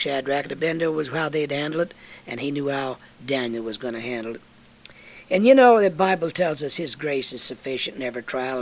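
An older man preaching a sermon in folksy, homespun phrasing, swinging from low, quiet stretches to loud, high-pitched bursts. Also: low-quality recording.

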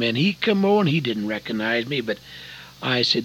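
An older man from Oregon preaching a sermon, earnest and folksy, telling a story with sudden loud emphasis. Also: medium pitch, animated, normal speed, a little hiss or hum, low-quality recording. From Oregon, USA.

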